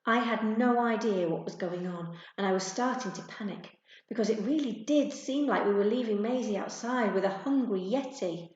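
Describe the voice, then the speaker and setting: A woman's voice: mid-range voice, moderate pace, a little mellow. Woman reading a storybook aloud. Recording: echoey room, dull sound.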